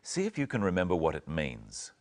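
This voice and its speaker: A man with a deep voice presents an English lesson. His speech moves up and down expressively as he carefully models each phrase. The delivery is slow and deliberate. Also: wildly swooping pitch. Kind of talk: slow, clear teaching narration.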